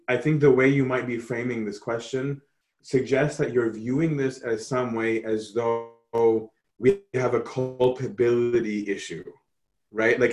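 A man answering questions on Christian theology in a relaxed, conversational way, often checking in with "right?". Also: medium pitch. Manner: animated, conversational, frequent "right?" tag questions. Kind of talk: casual theological discussion.

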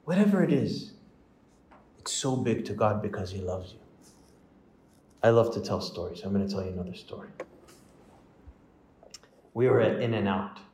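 In a medium-pitched voice, a priest brings the stories in his sermon to life by voicing the people in them. The recording is low quality and sounds roomy.

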